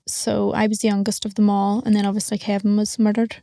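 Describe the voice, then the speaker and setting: A woman's voice: mid-range voice, monotone, a little fast, vocal fry, mellow, dry recording, clean studio sound. A young woman with a Northern Irish accent, talking bluntly and frankly as an interview guest. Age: young adult. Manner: blunt, matter-of-fact, frank. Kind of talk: candid interview talk.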